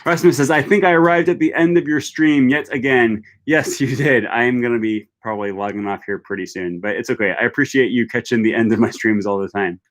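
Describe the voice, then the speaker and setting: Young male language streamer, casual Q&A, mid-pitched voice, loose and filler-heavy delivery. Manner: reads viewer questions aloud and answers chattily, many fillers. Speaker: language YouTuber hosting a live stream.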